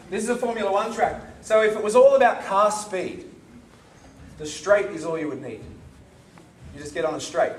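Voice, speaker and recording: A man's voice: a little high, slight background noise. A man teaching a karate seminar, demonstrating moves and checking in with the group. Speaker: karate instructor. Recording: echoey hall, recorded from far off.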